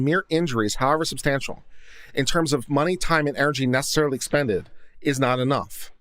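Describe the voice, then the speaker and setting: A man's voice: mid-range voice, a bit bright, no echo. Dry-voiced man reading a court ruling. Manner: reads legal text aloud, then breaks in with thoughtful asides. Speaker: legal commentary host. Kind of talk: reading and commenting on a court opinion. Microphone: studio condenser mic.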